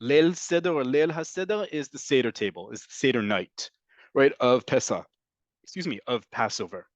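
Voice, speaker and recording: A man's voice: medium pitch, normal speed, no room sound, lo-fi sound. A man teaching Hebrew vocabulary in an online class, explaining patiently with fillers and frequent "okay?" checks. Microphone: computer mic on a video call.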